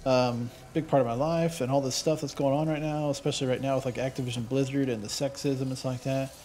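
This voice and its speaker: A man talking over his gameplay in an easygoing, meandering way, with a voice of ordinary middle pitch for a man. He drifts from the game into stories and opinions, earnest and loose with the odd swear word. A faint hiss of noise sits under his voice. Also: fairly even intonation, quick pace, a little mellow. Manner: rambling, chatty, wanders off on tangents. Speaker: let's play gamer. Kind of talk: casual gameplay commentary.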